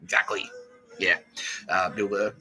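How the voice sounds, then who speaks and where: Aussie podcast host rambling through a funny story, swears a lot, laughs a lot, bright edgy tone. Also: male voice, deep voice, measured pace, soft background music, rough recording. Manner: animated, swearing, laughing between phrases. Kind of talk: casual comedic storytelling.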